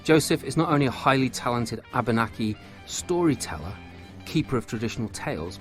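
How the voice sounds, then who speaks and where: A man hosting a podcast interview, eager and halting, with many fillers and restarts. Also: lowish voice. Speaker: podcast host.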